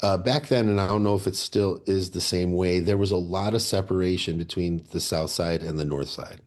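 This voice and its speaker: Deep-voiced man telling rambling stories. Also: moderate pace, a little mellow. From Chicago area. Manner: rambling anecdotes with many restarts. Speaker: band member guest. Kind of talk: casual interview storytelling. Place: radio studio.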